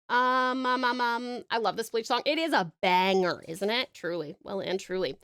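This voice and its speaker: A woman's voice: medium pitch, animated, moderate pace, a bit bright. An Australian woman from Tasmania chatting casually on a live stream, swearing freely and greeting viewers with pet names.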